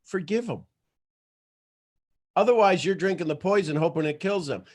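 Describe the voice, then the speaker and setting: A man hosting a motivational livestream, talking in an emphatic, animated storytelling way. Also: sits high, normal speed. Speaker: motivational show host.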